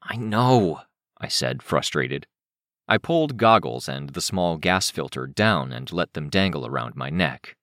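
A man narrating an audiobook in a first-person voice, even and matter-of-fact. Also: extremely low pitch, unhurried, no room sound, clean studio sound.

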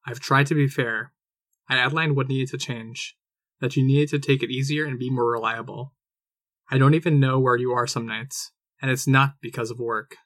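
A man reading aloud, voicing a tired father who speaks calmly and firmly. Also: medium pitch, moderate pace, dry recording, studio quality, natural voice. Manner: calm, level, tired. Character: weary adult man, calm and firm.

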